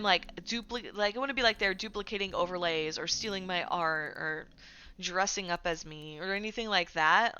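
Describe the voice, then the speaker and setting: A woman streamer chatting casually, rambling with frequent fillers and self-corrections, getting animated and indignant as she recounts community drama. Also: medium pitch, clean tone. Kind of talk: casual livestream chat about community news.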